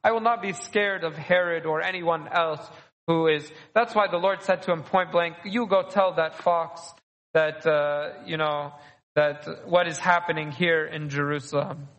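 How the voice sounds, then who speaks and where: A man's voice: on the high side, fairly even intonation, moderate pace, a bit bright, big-room sound, poor audio. A man, a priest giving a conversational sermon, often repeating and restarting phrases. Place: church.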